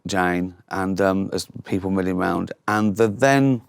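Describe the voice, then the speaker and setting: A man's voice: deep voice, measured pace, creaky, clean tone, dry recording, studio quality. A man, telling anecdotes in a casual chat and acting out other people's voices. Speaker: guest comedian.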